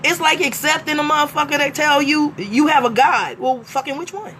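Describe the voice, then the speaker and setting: A woman on a live stream, delivering a blunt, profane rant that swings from emphatic talk to shouting. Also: high-pitched, fairly quick, slight background noise. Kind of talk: profane ranting monologue.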